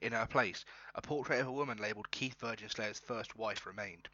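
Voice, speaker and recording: Male storyteller, very bright tone, dry and slightly muffled recording. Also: on the low side, a little fast. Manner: often breaks into laughter while narrating. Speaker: storyteller and co-host. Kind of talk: reading a comic interactive story.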